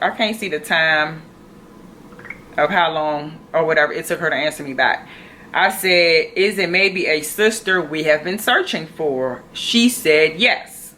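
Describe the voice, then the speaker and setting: A woman, telling a personal story to her phone camera in an animated, chatty way. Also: on the low side, slight background noise. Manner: chatty, animated, addresses viewers as y'all. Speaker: vlogger.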